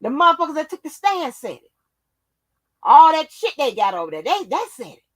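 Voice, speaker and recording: A woman's voice: high voice, very animated, brisk. A woman hosting her own channel, delivering a profane, confrontational rant that scolds her viewers. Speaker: channel host.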